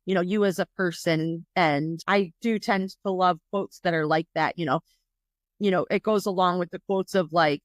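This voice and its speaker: A woman's voice: fairly low pitch, steady tone, normal speed, no echo. A woman from New York State hosting a podcast interview, chatty and upbeat with lots of casual fillers. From New York State, USA. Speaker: podcast host.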